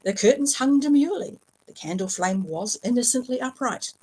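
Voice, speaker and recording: A woman's voice: a little high, moderate pace, breathy edge, poor audio. A woman reading a novel aloud at home, storytelling expressively with the odd slip and filler. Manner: expressive, lively storytelling with small slips and fillers. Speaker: reader.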